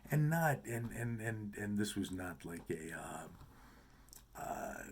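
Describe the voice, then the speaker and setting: A man's voice: fairly low pitch, big pitch swings, slow pace, slight background noise. A man talking casually to the camera in a rambling, self-deprecating, joking way, with lots of fillers. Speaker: vlogger.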